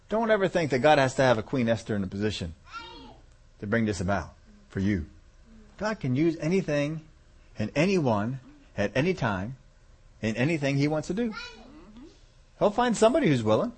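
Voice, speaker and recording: A man preaching a sermon, animated, acting out voices of God and people and chuckling as he goes. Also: a little high, moderate pace, pauses often, slightly rough.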